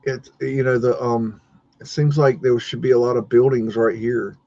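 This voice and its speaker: A podcast co-host talks at a moderate pace in a steady, medium-pitched voice with a dark tone. He's chatting casually on a livestream while browsing maps, hesitant and full of fillers and restarts. The recording is dull lo-fi stream audio.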